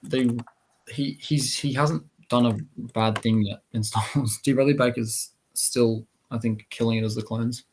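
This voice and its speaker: A man's voice: mid-range voice, fairly even intonation, measured pace, darkish tone. A man co-hosting a casual podcast chat, rambling with lots of restarts and fillers. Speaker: podcast co-host.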